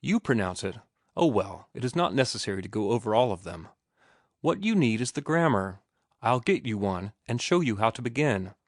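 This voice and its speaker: A man's voice: medium pitch, very animated, moderate pace, no echo, clean studio sound. A man voicing a refined young woman who patiently and precisely corrects someone's speech. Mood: correcting.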